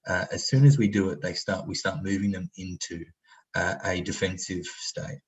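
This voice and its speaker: A man's voice: low-pitched, level tone, moderate pace, low-quality recording. A man facilitating an online training workshop, talking casually with lots of fillers and acting out example voices. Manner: conversational, many fillers, acts out example voices.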